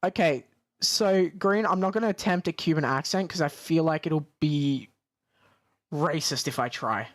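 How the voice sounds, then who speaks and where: A man's voice: on the high side, normal speed. A man running a tabletop game over voice chat, talking casually and swearing. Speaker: game master.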